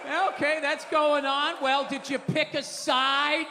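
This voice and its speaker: A man doing a live stand-up routine, loud, sarcastic and profane as he rants on a stage mic. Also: extremely high pitch, little pitch movement, measured pace. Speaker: stand-up comedian. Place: large theater stage before a live audience. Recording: reverberant hall with audience noise.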